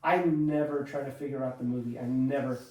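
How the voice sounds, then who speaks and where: A man's voice: medium pitch, steady tone, a little fast, lo-fi sound, slight background noise. A man in his forties, a podcast guest, chatting casually and joking, often slipping into mocking quoted voices. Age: 40s. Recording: roomy echo, far from the mic.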